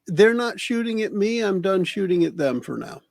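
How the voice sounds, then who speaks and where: A man's voice: high-pitched, big pitch swings, normal speed, gravelly, a little mellow, no echo. A man playing in a tabletop game, chatting casually and laughing easily as he explains his moves. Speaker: player.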